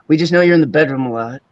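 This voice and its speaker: A man's voice: fairly high pitch, dry recording. A man hosting a casual vlog chat, teasing his friends and laughing often. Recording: lo-fi muffled sound.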